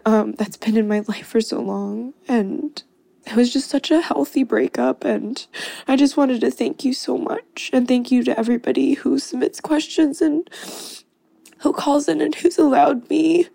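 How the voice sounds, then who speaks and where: A woman caller crying as she leaves a slow, heartfelt recorded message, pausing often. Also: high voice, gravelly, mellow, dry recording.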